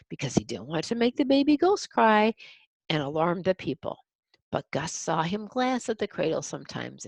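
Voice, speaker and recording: A woman's voice: sits low, vocal fry, slightly rough, dry recording. A woman reading a picture book aloud to children, explaining words and adding chatty asides. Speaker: storyteller.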